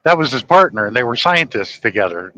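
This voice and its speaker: A man's voice: mid-range voice, sing-song, a little fast, bright, forceful tone, rough recording. A man in his forties chatting casually, retelling scenes and laughing along. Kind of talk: casual chat.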